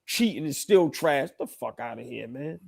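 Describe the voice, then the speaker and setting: A man co-hosting a live basketball reaction show, talking loud and profane with mocking asides. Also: medium pitch, expressive, moderate pace, vocal fry, breathy edge. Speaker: podcast co-host. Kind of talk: casual sports reaction chat.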